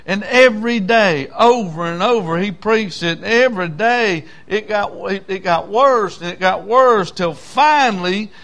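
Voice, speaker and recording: A man preaching a sermon in a dramatic, folksy way, swinging between loud outbursts and low murmurs. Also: unhurried, few pauses. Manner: folksy, with many fillers and restarts.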